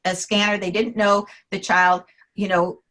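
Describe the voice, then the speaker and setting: A woman interview guest, an author on names, telling anecdotes in a lively way, acting out the quotes and laughing often. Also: mid-range voice, unhurried, slight background noise, low-quality recording. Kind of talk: casual storytelling interview.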